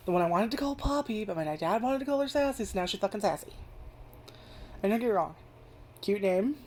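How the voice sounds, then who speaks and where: A woman's voice: fairly low pitch, darkish tone, a little hiss or hum. A young woman casually reviewing an anime, rambling and swearing, with lots of "like" fillers. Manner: rambling and profane, heavy use of filler "like".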